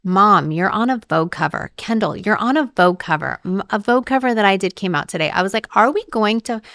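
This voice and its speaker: A woman's voice: medium pitch, expressive, fast talker, creaky, a bit bright, no echo, clean studio sound. A woman in her forties, a guest on an interview show, telling stories in casual chat with lots of "like" fillers and acted-out quotes. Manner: chatty storyteller, many "like" fillers, acts out quotes.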